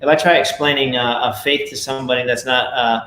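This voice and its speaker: A man's voice: medium pitch, steady tone, a little fast, pushed and bright, reverberant, a little hiss or hum, low-quality recording. A man casually talking to viewers at home, rambling with many fillers and a preachy tone. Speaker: network marketing leader. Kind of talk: casual video talk to viewers.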